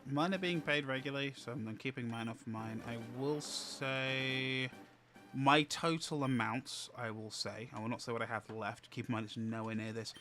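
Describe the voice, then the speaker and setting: Bright-voiced man chatting casually. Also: mid-range voice, normal speed, faint music behind. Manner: rambling, calm, self-correcting. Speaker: streamer co-host. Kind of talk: casual chat.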